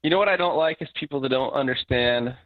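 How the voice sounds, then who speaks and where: Wry co-host over a tinny call line. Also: male voice, mid-range voice, fast, no echo. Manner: wry, complaining, acts out dialogue. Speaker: podcast co-host. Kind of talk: casual live podcast chat. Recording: tinny internet call audio.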